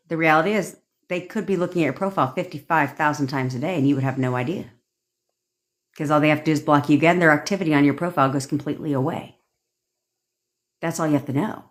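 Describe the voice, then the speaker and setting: A young adult woman coaching viewers in a casual livestream rant, blunt and profane, acting out the thoughts she quotes. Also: on the low side. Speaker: manifestation coach.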